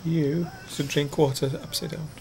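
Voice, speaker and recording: A man's voice: fairly high pitch, little pitch movement, normal speed, darkish tone, a little hiss or hum. A man chatting at home with his girlfriend, teasing and playful. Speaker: vlogger's boyfriend. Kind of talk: casual home chat.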